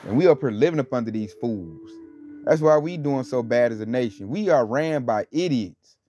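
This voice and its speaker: A man's voice: mid-range voice, animated, moderate pace, mellow. A man giving an informal religious talk in a rambling, conversational way, full of fillers and scornful emphasis. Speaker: religious teacher. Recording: dull lo-fi recording with faint music.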